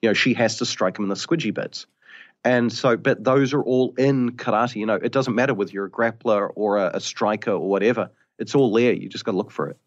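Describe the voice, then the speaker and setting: A man's voice: lowish voice, brisk, muffled recording. A man from New Zealand, a karate instructor, talking casually in a podcast interview and often saying "you know". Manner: thoughtful, rambling, frequent "you know".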